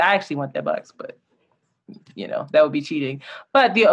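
A woman co-hosting a podcast in casual chat, animated and quick to laugh. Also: fairly low pitch. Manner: laughs often, animated and chatty. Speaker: podcast co-host.

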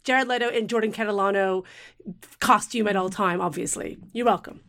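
A woman with an Australian accent, co-hosting a podcast in casual, animated chat and laughing often. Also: medium pitch, normal speed, slight background noise. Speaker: podcast co-host.

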